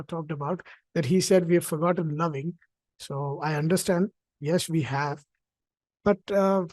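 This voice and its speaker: A man speaks over a video call in a slow, reflective way, often stopping on fillers and restarting his sentences. His voice is dark and mellow, and the sound is dry and close. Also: sits high, dry recording. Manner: hesitant, many fillers and restarts. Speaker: invited speaker at an online event. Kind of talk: reflective personal talk. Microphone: own computer mic on a video call.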